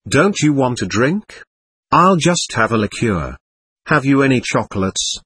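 A man reading the lines of a restless, generous young man in an audiobook, with a husky voice. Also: mid-range voice, sing-song, unhurried, fairly bright tone, dry recording, exaggerated voice. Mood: eager.

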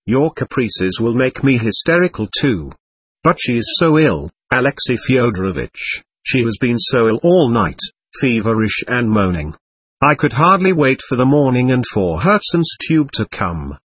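A male narrator doing a middle-aged society lady in an audiobook, nervous and effusive, talking in quick anxious bursts. The voice swings widely in pitch and has a husky edge. It sounds dry and close. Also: sing-song, fairly bright tone, no room sound. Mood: gushing.

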